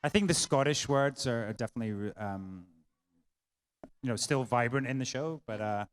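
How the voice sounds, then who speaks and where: A relaxed male actor on a panel, hesitating as he speaks, his voice moving up and down. His pitch sits in the middle range. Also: normal speed. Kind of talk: casual panel talk.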